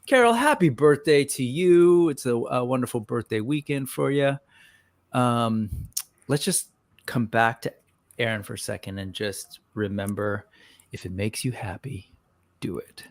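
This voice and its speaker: Male host, casual upbeat rambler, mid pitch, dry room. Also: a little slow, no echo. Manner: rambling, upbeat, many ums, greets chat viewers by name. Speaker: host of a toy news livestream. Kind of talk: casual livestream chat.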